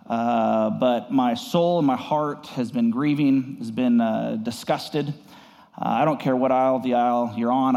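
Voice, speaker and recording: A man pastoring a congregation, giving an earnest devotional message, halting with fillers and rising higher on key words. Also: warm tone, big-room sound.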